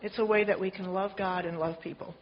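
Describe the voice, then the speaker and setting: A woman's voice: mid-range voice, steady tone, brisk. Woman, church group leader, chatty, encouraging, muffled lo-fi sound, faint hiss. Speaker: church speaker leading a group discussion. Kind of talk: informal talk to a small church group. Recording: dull lo-fi sound with faint noise.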